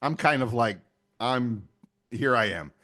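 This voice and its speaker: A man's voice: medium pitch, lively intonation, measured pace, pushed and bright. An older man co-hosting a podcast, chatty and often laughing. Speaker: podcast co-host. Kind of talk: casual chat.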